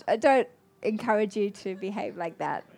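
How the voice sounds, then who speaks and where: A middle-aged woman preaching a sermon, telling a personal story in an animated, self-mocking way. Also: medium pitch, normal speed, gravelly.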